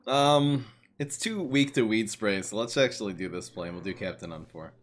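A young man giving casual live commentary on his card game, excitable and jokey, muttering one moment and loud the next. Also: fairly low pitch, moderate pace. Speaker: gaming streamer.

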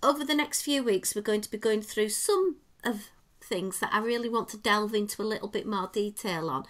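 Bright-voiced English woman telling stories. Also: mid-range voice, brisk. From England. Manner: animated storyteller, acts out quoted dialogue. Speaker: podcast co-host. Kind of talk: casual chat, storytelling.

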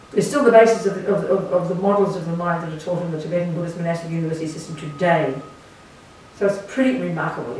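Outspoken nun lecturing a retreat group, punchy and wry, captured from across a reverberant hall with faint hiss. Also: female voice, mid-range voice, a little mellow. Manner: blunt, emphatic, sarcastic asides. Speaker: Buddhist nun teaching a retreat. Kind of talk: dharma talk to a retreat group. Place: meditation centre hall. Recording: echoey room from far off, faint hiss.

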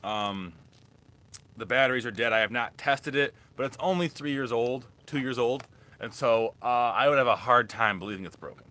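A man's voice: medium pitch, normal speed, pushed and bright. A young man rambling casually through a live thrift haul as a reselling vlogger. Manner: rambling, chatty, restarts often.

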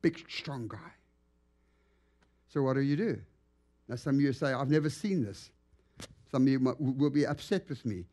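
A man preaching in a church as a guest evangelist, telling stories with lively, acted-out animation. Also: mid-range voice, normal speed, long pauses. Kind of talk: storytelling sermon. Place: church sanctuary.

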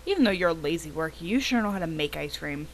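A woman's voice: low voice, expressive, fast talker, a little hiss or hum, low-quality recording. A woman voicing a rude, impatient male customer who complains and bosses people around. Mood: suspicious. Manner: bossy, complaining, suspicious. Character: rude impatient man demanding ice cream.

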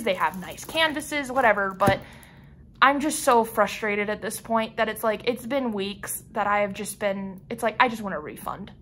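A woman's voice: medium pitch, fairly bright tone, a little hiss or hum. A young woman vlogging a craft unboxing, frustrated, sighing and rambling with restarts. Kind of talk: casual unboxing vlog.

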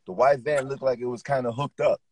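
A middle-aged man guesting on a talk show tells a story with animated, profane energy. His voice is husky, with a slightly breathy edge. The sound is dry and close, with no room around it. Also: medium pitch, brisk, no room sound, low-quality recording. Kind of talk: casual storytelling chat.

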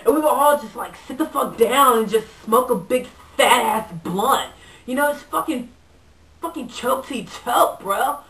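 A woman's voice: on the high side, expressive, normal speed, fairly bright tone. A woman playing a young stoner surfer guy who delivers pizza, talking in a laid-back, profane way full of dude and bro. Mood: stoned, rambling. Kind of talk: comedic character monologue. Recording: echoey room, voice far from mic.

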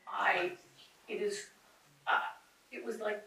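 A woman film producer telling a personal story on a conference panel, candid and animated, quoting others as she goes. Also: medium pitch, takes it slowly, gravelly. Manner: candid, animated, quotes others in her retelling. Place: conference auditorium. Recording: echoey hall, far from the mic, faint noise.

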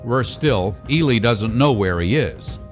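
A man reading scripted documentary narration in a measured storytelling delivery. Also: medium pitch, lively intonation, faint music behind.

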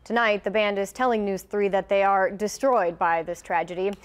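Woman news anchor, mid-pitched, measured scripted read. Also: steady tone, clear, resonant tone. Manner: measured, formal delivery.

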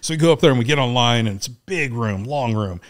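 A man's voice: mid-range voice, quick pace. A middle-aged man, a military veteran from the United States, telling combat stories in a casual, profane way and often breaking into laughter. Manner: animated, profane war storytelling, laughing often. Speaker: guest, Navy SEAL veteran. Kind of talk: casual storytelling.

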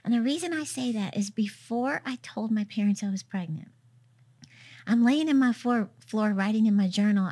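A woman in her fifties telling a heartfelt testimony in conversation, softly acting out the words of others as she tells it. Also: a little high, normal speed. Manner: emotional storytelling, acts out quoted dialogue softly. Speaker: guest, minister.

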